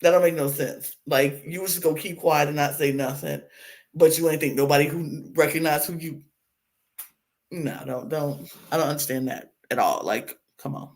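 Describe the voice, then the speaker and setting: A man co-hosting a podcast, chatting casually about a reality show and acting out quotes with big swings and laughs. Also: moderate pace. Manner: animated, acts out quotes with big pitch jumps and laughs. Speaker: podcast co-host. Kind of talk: casual reality TV recap chat.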